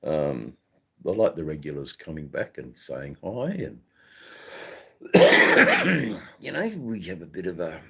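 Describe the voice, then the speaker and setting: There's vocal fry and a breathy edge to the extremely low voice of this middle-aged, broadly accented Australian man hosting a live stream. He reads viewer comments as they come in, speaking slowly and rambling in a relaxed way, with plenty of ums and false starts.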